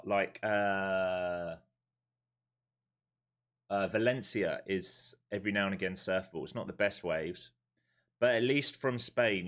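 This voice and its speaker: A laid-back man with a London accent talks loosely on a live trading stream. His voice sits very low and deep. He speaks bluntly and chattily, with the odd swear word. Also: fairly bright tone. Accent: London English. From London, England. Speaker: live-streaming day trader. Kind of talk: casual live-stream chat and market commentary.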